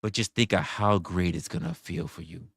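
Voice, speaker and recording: A man's voice: low-pitched, steady tone, normal speed, fairly bright tone, husky, no room sound, clean studio sound. A man streaming casual banter in a mock-villainous, profane, taunting way. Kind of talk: casual stream rant, role-play banter.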